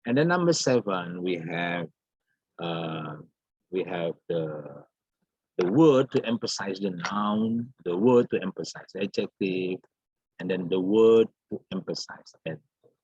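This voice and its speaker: Slow, husky-voiced man teaching grammar. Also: deep voice, expressive, a little mellow, no echo. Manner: halting and repetitive, restarts phrases, many fillers. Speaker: English teacher. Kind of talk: recorded grammar lesson. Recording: dull lo-fi dry recording.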